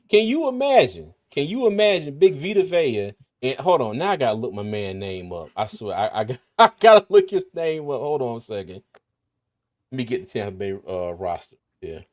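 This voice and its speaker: A man's voice: medium pitch, darkish tone. A man with a slight lisp hosting a casual sports talk livestream, rambling and laughing often. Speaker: podcast host.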